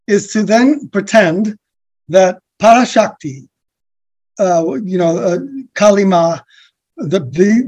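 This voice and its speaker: A man from the USA, speaking as a guest in a reflective spiritual conversation, rambling softly with many restarts and fillers. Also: sits high. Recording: dull lo-fi recording.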